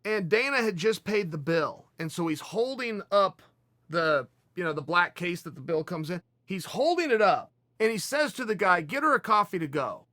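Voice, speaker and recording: Male host, 40s, high bright voice, dry close mic, animated casual storytelling. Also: normal speed, dry recording. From Oregon, US. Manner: animated, emphatic storyteller with frequent restarts. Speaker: podcast host.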